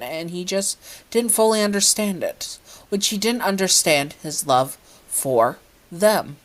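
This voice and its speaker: A woman with a low, deep voice reads her fan fiction aloud in a casual, unpolished way. She is chatty and often stops to comment on her own text or correct a slip. It sounds like an amateur home reading.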